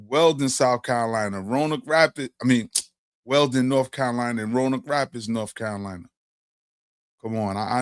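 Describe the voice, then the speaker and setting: A man's voice: mid-range voice, smooth, no echo. Streetwise New man, dry sound. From Brooklyn, New York. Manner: animated storyteller, streetwise slang. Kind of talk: casual discussion.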